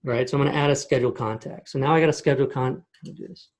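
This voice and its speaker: A man giving a casual screen-share walkthrough of software on a video call, explaining step by step and checking in with "okay?" and "right?". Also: medium pitch, steady tone, rapid-fire. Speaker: software demo host. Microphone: computer mic on a video call.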